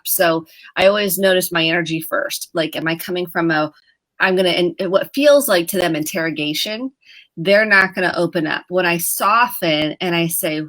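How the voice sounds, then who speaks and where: A woman therapist giving gentle, explanatory parenting advice on a live talk show, sometimes acting out quoted dialogue. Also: lowish voice. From United States.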